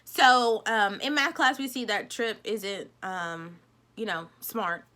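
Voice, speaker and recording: A woman's voice: medium pitch, expressive, slow pace, sharp tone. A young woman, casually recapping a TV episode in a sassy, chatty way. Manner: chatty, sassy, retells scenes acting out quotes. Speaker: TV recap vlogger.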